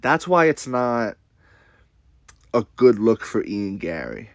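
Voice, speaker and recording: A man's voice: mid-range voice, big pitch swings, takes it slowly, gravelly, pauses often, no echo, studio quality. A man ranting casually to camera with a blunt, profane, rambling manner, repeating himself. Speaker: commentator.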